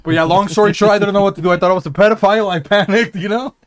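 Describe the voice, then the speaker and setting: A young man with a fairly high voice spins a loose, swear-filled story for his co-hosts, breaking into laughter along the way. It is recorded close and dry, with no room sound. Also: steady tone, racing, no echo. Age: young adult. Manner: rambling, profane, laughs at his own stories. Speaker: podcast co-host. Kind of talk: casual storytelling chat.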